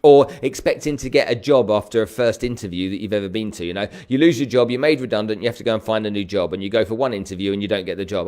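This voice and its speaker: A middle-aged man giving a lively sales coaching talk on a live stream, greeting viewers by name. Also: on the low side, racing, few pauses.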